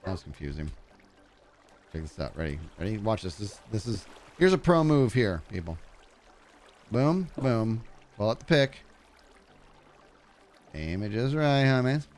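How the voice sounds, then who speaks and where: A man streaming a game live, telling excitable stories to his chat and narrating his play, his voice turning growly when he gets loud. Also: on the low side, normal speed, long pauses, slight background noise. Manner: excitable storyteller, talks to chat while playing.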